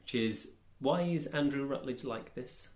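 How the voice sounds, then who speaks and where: A man co-hosting a casual podcast, chiming in with short, dry interjections and quick follow-up questions. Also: mid-range voice, a little mellow. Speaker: podcast co-host. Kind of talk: casual chat, short reactions. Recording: echoey room.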